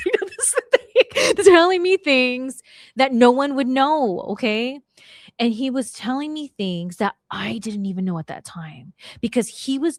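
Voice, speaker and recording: A middle-aged woman casually telling a story on her podcast, slangy and animated, acting out the people she quotes. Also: medium pitch, no echo, studio quality. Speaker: podcast host.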